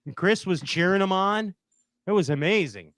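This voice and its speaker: A man's voice: high voice, expressive, normal speed, fairly bright tone, dry recording. A man hosting a casual fishing chat over a video call, teasing his guests and laughing often. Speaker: host.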